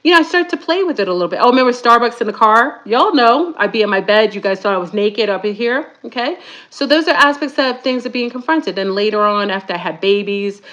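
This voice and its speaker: A middle-aged woman talks casually to her online audience in a fairly high voice. She is chatty and animated and keeps calling her viewers y'all. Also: quick pace. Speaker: YouTube spiritual talk host. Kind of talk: casual livestream talk to viewers.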